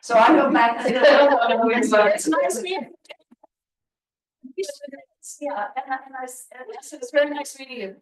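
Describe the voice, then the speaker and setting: A woman's voice: high-pitched, quick pace, few pauses. A middle-aged woman, a real estate agent, telling a rambling story at a team meeting with lots of restarts. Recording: roomy, distant mic.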